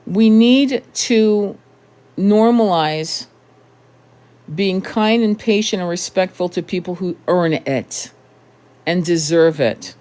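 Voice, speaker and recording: A woman's voice: medium pitch, slow, darkish tone. Blunt, profane woman ranting to camera. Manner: blunt, profane and emphatic, with rhetorical questions. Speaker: tarot channel host. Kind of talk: impassioned direct-to-camera monologue.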